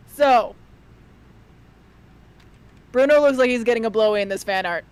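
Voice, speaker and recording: A woman's voice: on the high side, measured pace, darkish tone, clean tone. A woman chatting on a stream, teasing and swearing freely and laughing a lot. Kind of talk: casual chat.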